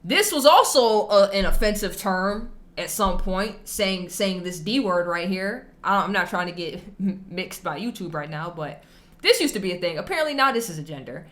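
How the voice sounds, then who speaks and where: A woman hosting her own reaction video. She tells stories casually in slang and with emphasis. Her voice is bright and forceful, and it swings widely in pitch. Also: moderate pace. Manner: animated storytelling, slangy and emphatic.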